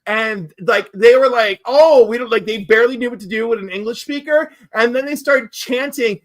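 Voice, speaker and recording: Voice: medium pitch, a little fast, few pauses. A podcast co-host from New York telling stories in casual chat, acting out quotes along the way. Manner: animated storyteller, acts out quotes.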